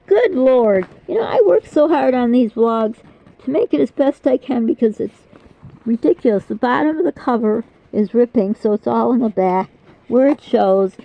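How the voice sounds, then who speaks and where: A woman's voice: a little high, lively intonation, normal speed, vocal fry. An older woman vlogger chatting casually and rambling, apologetic and self-deprecating, talking through pain in her mouth. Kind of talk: casual chat. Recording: dull lo-fi dry sound.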